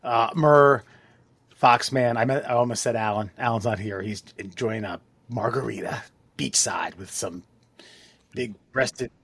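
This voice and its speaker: A man's voice: mid-range voice, a little slow, creaky, fairly bright tone, breathy edge, no room sound. A man hosting a comedy podcast in a loose, joking way, swearing and stumbling over his words. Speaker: podcast host. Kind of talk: casual comedic podcast chat.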